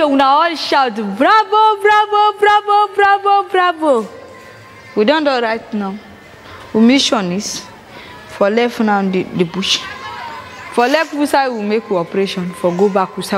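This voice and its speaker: A young woman tells her story in West African pidgin English, haltingly and without polish. Her pitch sits in the middle of a woman's range. She acts scenes out as she speaks, and faint music plays behind her. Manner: halting, plain-spoken, re-enacts scenes aloud. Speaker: former child soldier giving testimony. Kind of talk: personal testimony.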